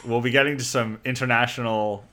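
A young man hosting a podcast, giving quick upbeat introductions and wry remarks in casual chat. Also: medium pitch, fairly even intonation, pushed and bright. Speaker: podcast host.

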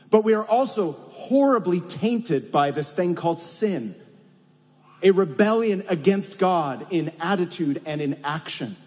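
Man, californian accent, pastor preaching, slightly high voice, long hall reverb. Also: darkish tone. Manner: conversational, with humorous asides. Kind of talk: sermon.

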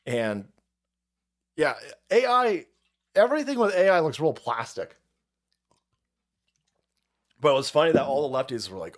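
A man's voice: fairly high pitch, very animated, unhurried, pauses often. A man hosting a livestream, thanking chat by name and ranting in a foul-mouthed, mocking way, laughing often. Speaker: livestream host reading chat.

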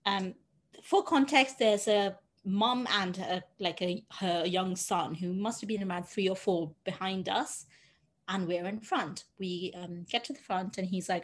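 A young woman telling a dating story in casual podcast chat, animated and quick to laugh. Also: medium pitch. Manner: animated, laughing, acts out dialogue.

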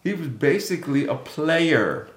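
A man's voice: a little high, big pitch swings, measured pace, a crowd in the background. Playful man hosting a podcast, echoey room. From Jamaica. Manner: playful, teasing quiz-master. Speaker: podcast co-host. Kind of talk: casual podcast chat.

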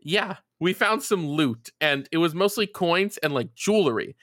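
A man's voice: on the high side, lively intonation, unhurried, a bit bright, dry recording, clean studio sound. A man co-hosting a podcast, telling a long rambling story full of fillers and casual swearing. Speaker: podcast co-host. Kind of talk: casual chat.

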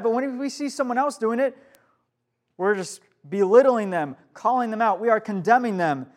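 A young man leads a youth group sermon in front of a live room, speaking in a light, high-pitched voice. He keeps it casual and conversational, stopping to ask his listeners questions. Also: lively intonation, normal speed. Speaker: youth pastor.

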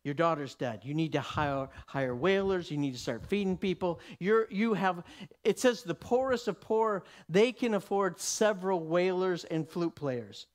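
A man with a notably high voice preaching a teaching sermon. He acts out the people in the story, swinging from loud, ringing declarations to hushed whispers. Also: moderate pace.

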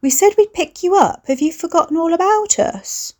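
A woman's voice: extremely high pitch, expressive, moderate pace, darkish tone, voice pushed up. A woman voicing a bubbly, pushy young woman with an artificially cultured voice and a slight Essex twang. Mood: shrill insistent.

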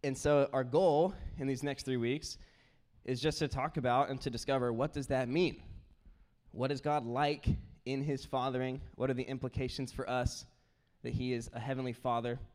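A young man preaching a sermon, telling family stories in an animated way and acting out his kids' voices. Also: medium pitch, moderate pace. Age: young adult. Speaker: pastor.

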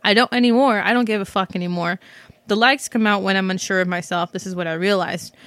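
With a mid-range, fairly bright voice and fairly even intonation, this podcast host talks quickly into a microphone, with no echo. Hosting her own show, she wanders through self-reflective, casual thoughts, restarting often, using plenty of fillers, and swearing offhandedly.

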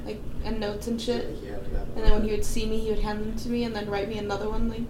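A young woman co-hosting a casual podcast who laughs loudly and often and swears freely while chatting about a movie. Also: medium pitch, flat delivery. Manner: loud, giggly, swearing, quick bursts of laughter. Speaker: podcast co-host. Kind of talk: casual chat watching a movie. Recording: echoey room with faint hiss.

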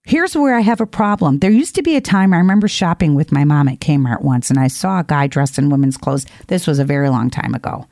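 A woman's voice: lively intonation, a little fast, few pauses, a little mellow, no room sound. Woman host, blunt opinion monologue, emphatic, dry close sound. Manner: emphatic, blunt, jumps to high exasperated outbursts.

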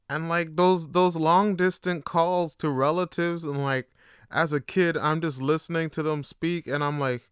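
A young man hosting a casual solo podcast, telling slangy, animated stories and laughing often. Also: on the high side, a little slow, clear, resonant tone, no room sound, clean studio sound. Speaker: podcast host.

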